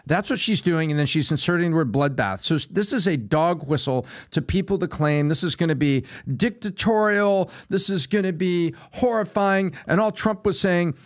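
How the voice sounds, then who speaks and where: A man's voice: on the high side, moderate pace, hardly any pauses. A man on a podcast panel argues with a slightly raised voice. He presses his points emphatically and lifts his voice as he drives them home. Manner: emphatic, builds to forceful points. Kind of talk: casual panel discussion.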